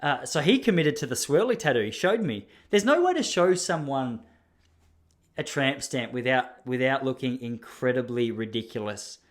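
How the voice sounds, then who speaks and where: A man's voice: mid-range voice, animated, normal speed. An Australian man hosting a podcast, telling a rambling, self-deprecating story and often laughing. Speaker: podcast host. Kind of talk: casual storytelling monologue.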